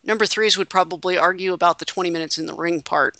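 Bright-voiced woman hosting a chat. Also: on the low side, steady tone, fast talker, creaky, no room sound. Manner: reads quotes aloud, joking asides. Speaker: podcast host. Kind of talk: casual chat.

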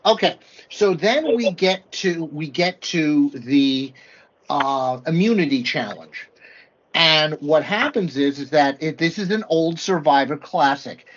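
High-voiced man telling a slow recap. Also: muffled recording, a little hiss or hum. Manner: animated storytelling, acts out quotes. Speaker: podcast co-host. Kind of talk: casual TV recap chat.

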